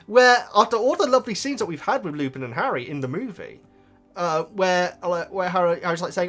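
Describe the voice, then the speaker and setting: A man's voice: fairly high pitch, animated, moderate pace, fairly bright tone, soft background music. A man chatting casually and rambling with enthusiasm as he reviews a book, laughing often. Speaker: YouTube reactor.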